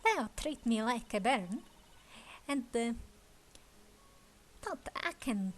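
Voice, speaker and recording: A woman's voice: fairly high pitch, expressive, takes it slowly. A woman doing a blustering childish guard. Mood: boastful. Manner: blustering, touchy about his name. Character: boastful, childish young male tower guard.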